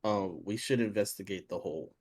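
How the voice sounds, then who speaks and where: A man playing in a tabletop game, chatting casually with quick reactions. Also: fairly low pitch, darkish tone, husky. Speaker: player.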